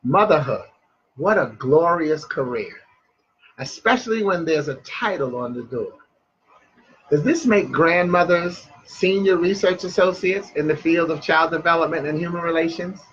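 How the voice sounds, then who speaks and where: A man's voice: on the high side, normal speed, fairly bright tone, husky, dull audio. A man hosting a broadcast, reading a story aloud with chatty asides and stumbling restarts. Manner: chatty, loses his place and restarts.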